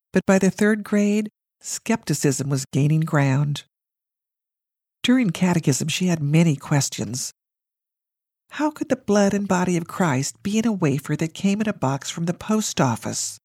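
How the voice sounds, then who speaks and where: A woman reads her family story aloud with wry, measured storytelling. Her voice is low for a woman, recorded close and completely dry. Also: lively intonation, warm tone, slightly rough, no echo. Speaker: narrator, reading her family memoir. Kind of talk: storytelling narration.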